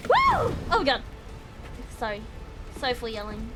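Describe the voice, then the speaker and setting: A woman streaming a game live, reacting excitedly with yelps, laughter and chatty commentary. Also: high-pitched, slow pace, over loud music.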